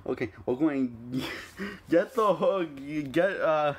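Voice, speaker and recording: A man voicing a cocky male thunder god who coaxes and soothes, speaking slowly with many halts. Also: a little high, expressive, breathy edge, exaggerated voice. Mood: coaxing.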